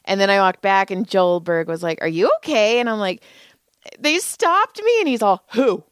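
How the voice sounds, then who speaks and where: A woman's voice: medium pitch, fairly quick, clean tone, no room sound, studio quality. A woman co-hosting a podcast, casually telling a comic story and acting out each person's lines in it. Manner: animated, acts out everyone's lines in her stories; frequent laughter and swearing. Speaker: podcast co-host.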